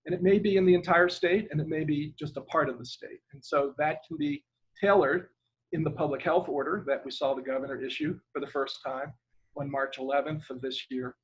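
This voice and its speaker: Interviewed over what sounds like an ordinary video call, with dull, lo-fi audio, an older Irish man who once worked as a government lawyer speaks fairly quickly in a steady tone. His voice is husky and slightly high for a man. He rambles and hesitates, now and then spelling out a name.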